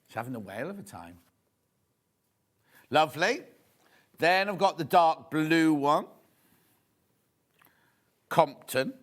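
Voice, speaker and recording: A man's voice: fairly high pitch, expressive, slow, long pauses. A man hosting a live TV shopping show, chatting and gossiping enthusiastically as he shows fabrics. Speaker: shopping channel presenter. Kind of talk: live TV selling chat. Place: TV studio.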